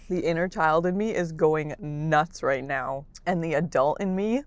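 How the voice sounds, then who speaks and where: A young woman vlogging casually to camera from a parked car, bubbly and excitable, often repeating herself. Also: sits low, measured pace, hardly any pauses, clean tone, no room sound. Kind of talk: casual vlog talk to camera. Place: parked car in a public lot.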